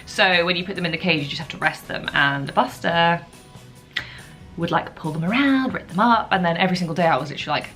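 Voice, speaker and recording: A young woman chatting casually in a relaxed way for her vlog, with lots of asides. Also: lowish voice, fast talker, faint music behind. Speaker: vlogger. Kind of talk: casual chat.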